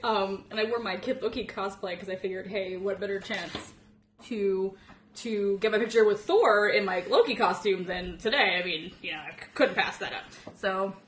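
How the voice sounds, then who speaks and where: A young woman telling an excited story in a casual chat, rambling and laughing often. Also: mid-range voice, normal speed, reverberant, slight background noise. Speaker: guest telling a convention story.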